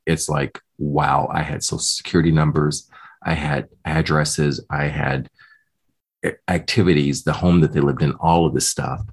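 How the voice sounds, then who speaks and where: A man being interviewed, telling a personal story in a lively way and quoting the people he spoke with. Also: a bass voice, normal speed, breathy edge. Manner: animated retelling, voicing others in quotes. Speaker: guest.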